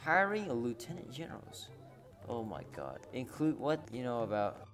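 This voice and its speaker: A man's voice: mid-range voice, sing-song, moderate pace, fairly bright tone, soft background music. A man giving casual, jokey gameplay commentary, laughing and swearing often. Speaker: gamer.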